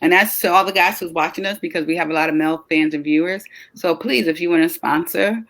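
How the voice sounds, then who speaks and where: A woman's voice: fairly low pitch, fast, rough recording. Chatty upbeat woman, tired. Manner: chatty, upbeat, with bursts of excitement and many fillers. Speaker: co-host of a web talk show. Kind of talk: casual chat.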